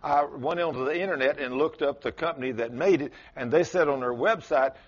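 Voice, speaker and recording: A male pastor preaching a sermon, telling a story with sudden rises and drops in his voice. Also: fairly quick. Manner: storytelling with dramatic swings in pitch and loudness. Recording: muffled lo-fi sermon recording.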